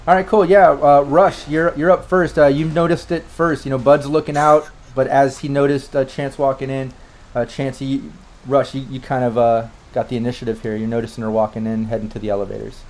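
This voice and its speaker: A man's voice: mid-range voice, flat delivery, fairly quick, darkish tone. A man running a tabletop game as game master, narrating loosely with many fillers and restarts.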